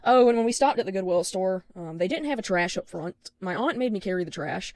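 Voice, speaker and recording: A woman's voice: mid-range voice, animated, a little fast, a little mellow, no room sound. A young woman telling a storytime tale in a chatty, exasperated way, with lots of fillers. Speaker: vlogger. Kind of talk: storytime vlog.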